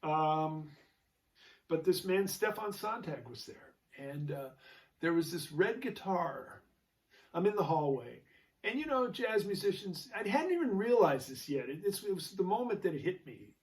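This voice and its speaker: A man's voice: high-pitched, very animated, measured pace. Chatty man rambling from a distance. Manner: rambling, chatty, with many fillers and restarts. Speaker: show host, jazz guitarist. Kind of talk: casual storytelling monologue.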